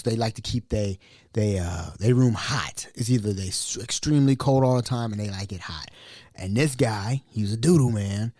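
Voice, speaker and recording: A man, a chef, telling colloquial anecdotes in a casual, animated way. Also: mid-range voice, dry recording, clean studio sound. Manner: animated, colloquial, laughing asides. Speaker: chef, storyteller.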